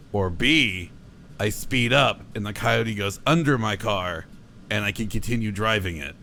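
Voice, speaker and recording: A young man telling a road-trip story on a podcast, swearing a lot and acting out his own shouts. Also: fairly low pitch, measured pace, vocal fry, a little hiss or hum. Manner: profane, animated, acts out his own shouts. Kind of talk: casual storytelling chat.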